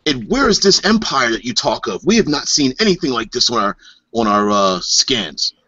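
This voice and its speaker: Guy putting on a proud defiant alien commander, pitched up, loud, dry and dull audio. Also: sing-song, normal speed, husky, no echo, heavily acted. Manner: raised, declamatory, pitched up.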